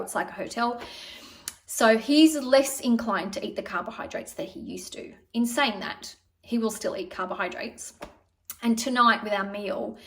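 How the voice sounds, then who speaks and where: A woman's voice: mid-range voice, far from the mic. A middle-aged woman vlogging in casual, digressive chat, telling stories. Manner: chatty, digressive, warm storytelling. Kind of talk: casual rambling chat to camera.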